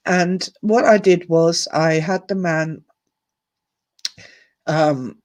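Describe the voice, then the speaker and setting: A woman's voice: lowish voice, extremely slow, a little mellow. Candid, emotional woman storyteller. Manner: emotional, candid, digressive, with sighs and laughs. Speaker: speaker at an online summit. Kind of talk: personal storytelling talk.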